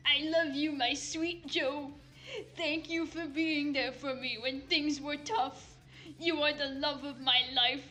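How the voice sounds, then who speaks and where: A woman reads as a lovesick, self-pitying aging statesman writing his farewell letter. The delivery is slow, mournful and melodramatic. The voice sits high and sounds bright.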